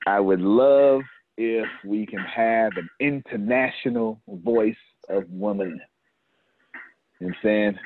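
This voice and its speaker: A man's voice: on the low side, slow pace, slight background noise. A man hosting a casual business team meeting, joking and laughing as he gives out tasks. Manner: laughing, joking, repeats himself. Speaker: host leading a team meeting. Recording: tinny phone-like line.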